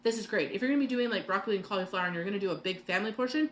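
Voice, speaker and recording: A woman's voice: mid-range voice, racing, a bit bright. A woman hosting a live cooking class from her home kitchen, chatting and rambling with lots of fillers and laughs. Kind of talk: live cooking demo chat.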